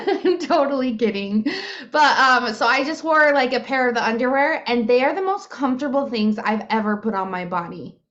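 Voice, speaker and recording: A woman's voice: on the high side, lively intonation, brisk, hardly any pauses, fairly bright tone. A woman in her thirties co-hosting a podcast, chatting casually with lots of fillers and giggles. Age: 30s. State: hiccups. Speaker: podcast co-host. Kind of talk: casual chat. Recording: muffled lo-fi podcast audio.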